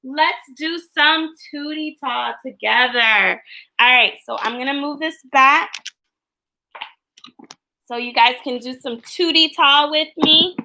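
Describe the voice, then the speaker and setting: A woman teaching a livestreamed phonics lesson to young children, in a slow, sing-song way. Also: high voice, sharp tone, a little hiss or hum. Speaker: kindergarten teacher.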